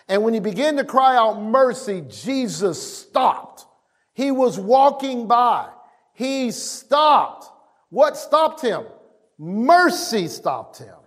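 A man preaching a sermon, reading scripture aloud and acting out the voices with emphatic, drawn-out delivery. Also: sits high. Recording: long hall reverb.

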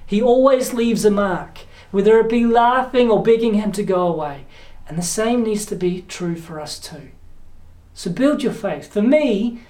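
An earnest pastor delivering a sermon, speaking directly to the congregation and pressing them with pointed questions. The voice sits at an ordinary middle pitch. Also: a little mellow. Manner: earnest, direct, poses challenging questions to listeners.

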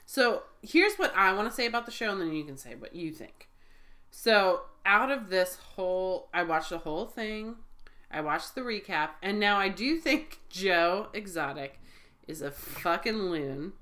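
A woman co-hosting a podcast in casual chat, animated and swearing often, slipping into quick impressions of people. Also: medium pitch. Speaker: podcast co-host.

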